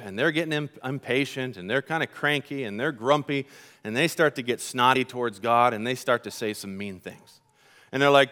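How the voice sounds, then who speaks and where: Animated male preacher, fairly high voice. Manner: animated preaching, slows for emphasis. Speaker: pastor. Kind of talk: sermon. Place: church service.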